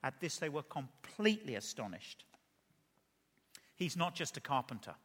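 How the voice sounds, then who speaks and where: A man preaching a sermon, animated and full of rhetorical questions to the congregation. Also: mid-range voice, moderate pace, husky. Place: church. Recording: reverberant church hall.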